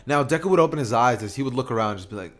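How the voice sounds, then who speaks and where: A man's voice: medium pitch, lively intonation, rapid-fire. A man casually narrating a fan-made story, rambling with fillers and self-corrections. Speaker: YouTube storyteller.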